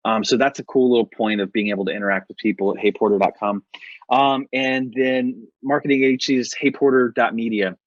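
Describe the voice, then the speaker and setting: A man's voice: mid-range voice, steady tone, fairly quick, a bit bright, no room sound, highs cut off. Chatty American man, rambling storyteller. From United States. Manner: rambling, self-correcting, laughs often. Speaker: podcast guest. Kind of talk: casual interview storytelling.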